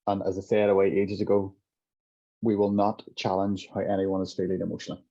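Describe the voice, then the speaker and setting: Middle-aged male guest, low husky voice, reflective explainer, dull lo-fi sound. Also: monotone, brisk, dark tone. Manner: reflective, walks through examples with hypothetical dialogue. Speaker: guest, compassionate inquiry practitioner. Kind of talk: explanatory interview talk. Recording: dull lo-fi audio.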